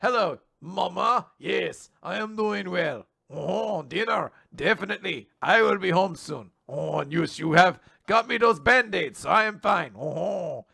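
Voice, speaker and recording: A man's voice: sits high, expressive, measured pace, vocal fry, hardly any pauses, pushed and bright, slightly rough, dry recording, clean studio sound, full character voice. Man putting on a prissy mock-French mama's-boy villain. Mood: sweet-talking.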